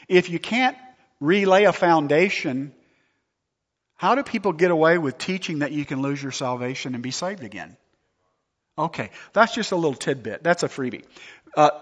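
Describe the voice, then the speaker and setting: A man delivers a sermon as pastor in a somewhat high voice, animated and quick to toss rhetorical questions at the congregation. His voice rings with a long hall reverb. The recording sounds dull and muffled.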